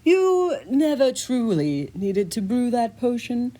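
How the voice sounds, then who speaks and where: A woman voicing a sly, scheming male talking cat who speaks in a slow, deliberate drawl. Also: on the high side, big pitch swings, mellow, voice pushed up.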